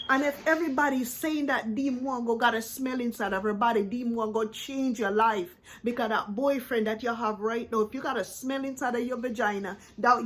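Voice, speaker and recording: A woman's voice: fairly high pitch, fairly bright tone. A woman reacting to others' videos in a ranting commentary vlog, blunt and lecturing as she addresses the person directly. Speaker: YouTube reactor.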